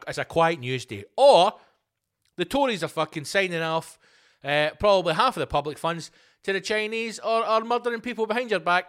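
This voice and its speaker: Male podcast host, foul-mouthed rant, sarcastic, loud bursts then mumbled asides. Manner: profane, sweary and sarcastic; swings from loud emphatic outbursts to low muttered asides. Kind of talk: ranting solo podcast monologue.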